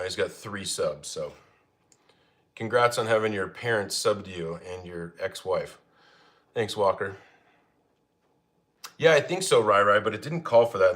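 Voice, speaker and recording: A man's voice: lowish voice, a bit bright. A young man hosts a laid-back cooking livestream from his home kitchen. He chats with viewers in a joking, easygoing way and laughs often. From Arizona, United States. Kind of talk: casual live chat reading comments.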